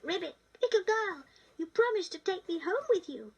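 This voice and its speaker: Brief: funny little green frog, voiced by a woman, croaky, British, boyish. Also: very high-pitched, expressive, moderate pace, far from the mic, muffled recording. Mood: friendly. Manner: croaky, ribbiting.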